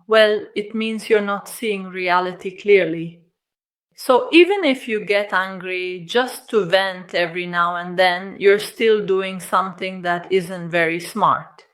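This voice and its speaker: Woman coach talking straight at you, kinda low voice, blunt, keeps firing rhetorical questions. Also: fairly bright tone, clear, resonant tone. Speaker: love coach. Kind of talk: direct-to-camera advice talk.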